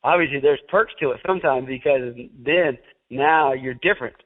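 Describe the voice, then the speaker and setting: Man, Southern accent, chatty and laughing, mid pitch, tinny phone-line sound. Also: normal speed. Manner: chatty and laughing, many fillers. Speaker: podcast host. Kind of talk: casual chat.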